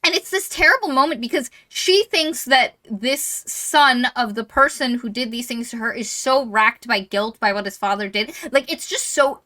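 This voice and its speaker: Woman podcast cohost, kinda high voice, rambling exasperated book recap. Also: normal speed, few pauses, bright, forceful tone. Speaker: podcast co-host. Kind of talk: casual book-roast chat.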